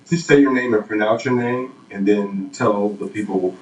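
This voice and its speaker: A man's voice: lowish voice, moderate pace, a little mellow, rough recording. A man interviewing an athlete on camera, coaching and encouraging him.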